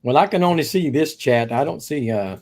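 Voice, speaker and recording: A man's voice: on the high side, lively intonation, a little fast, a little mellow. A man with a Cajun-tinged East Texas accent, chatting easily on a live stream and laughing often. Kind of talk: casual chat. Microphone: new microphone.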